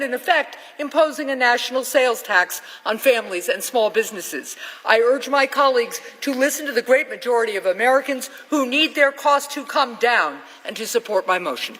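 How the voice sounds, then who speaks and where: A woman senator giving a formal floor speech in a measured, urgent tone, recorded in a reverberant legislative chamber. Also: fairly high pitch, fairly bright tone.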